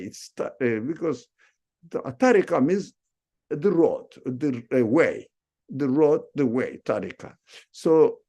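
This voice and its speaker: A man giving an unscripted religious lecture, reflective, often rephrasing his words and filling pauses with "uh". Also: mid-range voice, gravelly, darkish tone. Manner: reflective, repeats and rephrases words, frequent fillers. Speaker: Islamic teacher.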